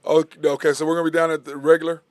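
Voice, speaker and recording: A man's voice: on the high side, flat delivery, very fast, no echo. A man hosting casual sports talk radio from a studio mic, teasing his co-hosts and chuckling often. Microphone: studio microphone.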